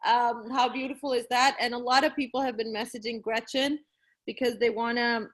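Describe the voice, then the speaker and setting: A woman's voice: on the high side, level tone, normal speed, fairly bright tone. A woman hosting a live online stream, effusive and encouraging, reading viewer comments aloud with frequent fillers.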